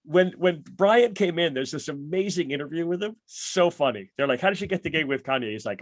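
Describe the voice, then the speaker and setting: A man hosts a casual podcast chat about records, his voice sitting a little high for a man. He talks with enthusiasm and keeps acting out what people said. The sound is dry and close, with almost no room. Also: brisk, hardly any pauses, no room sound. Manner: enthusiastic, animated storytelling with quoted asides. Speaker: podcast host.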